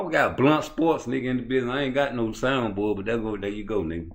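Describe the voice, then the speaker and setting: Profane animated man ranting about boxing. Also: mid-range voice, fast talker, hardly any pauses. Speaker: boxing commentary vlogger. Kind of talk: casual ranting commentary.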